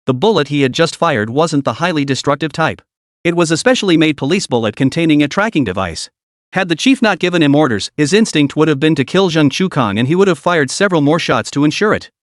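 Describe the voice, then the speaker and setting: A man reading a story aloud as narrator in an even, steady storytelling manner. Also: a little high, fast, no room sound, clean studio sound. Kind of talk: scripted audiobook narration.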